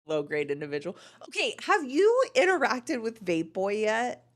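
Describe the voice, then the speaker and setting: A woman co-hosting a livestream in casual chat, blunt and swearing freely as she tells animated stories. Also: fairly high pitch, moderate pace. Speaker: livestream co-host.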